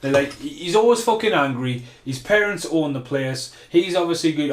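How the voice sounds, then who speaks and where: A man's voice: on the high side, animated, moderate pace, hardly any pauses, slight background noise. A man co-hosting a casual film commentary podcast, telling rambling, sweary anecdotes. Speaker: podcast co-host. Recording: roomy echo.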